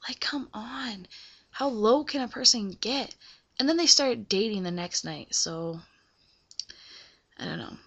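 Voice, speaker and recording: A woman's voice: mid-range voice, expressive, measured pace, creaky, long pauses, fairly bright tone, highs cut off. A young woman vlogging casually about a breakup, chatty and full of fillers, often asking the listener "right?". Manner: chatty, filler-heavy, keeps checking in with the listener. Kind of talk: casual confessional storytelling.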